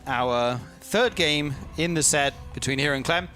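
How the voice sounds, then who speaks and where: A man's voice: on the high side, moderate pace, bright, forceful tone, faint music behind. A man casting a live esports match, playful and joking between calls. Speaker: esports caster. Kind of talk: live game commentary.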